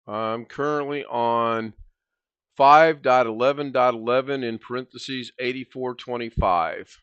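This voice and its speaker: A man's voice: mid-range voice, unhurried, a bit bright, clean tone, no echo, dull audio. A man hosting a casual video-call livestream, talking in an easygoing, rambling way and thinking aloud. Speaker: host.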